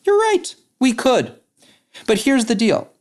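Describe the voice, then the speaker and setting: A man voicing a smug pig from a bar joke in a high, playful voice, as a storyteller doing a character. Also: sing-song, slow pace, a little mellow, heavily acted.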